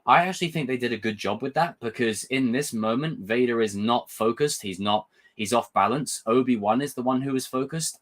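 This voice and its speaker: A young man hosting a casual livestream review, talking in an excitable, rambling way and swearing freely. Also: medium pitch. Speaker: host.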